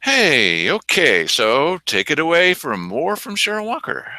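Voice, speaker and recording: A man's voice: a little high, huge pitch swings, unhurried, sharp tone, poor audio. A man hosting an opinionated news commentary, indignant and sarcastic, mocking the people he quotes. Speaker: news show host.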